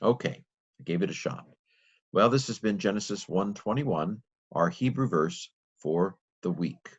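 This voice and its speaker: Slow, deep-voiced man teaching. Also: slightly rough, lo-fi sound. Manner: slow, halting, thinking aloud. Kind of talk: reading a text aloud letter by letter, with commentary.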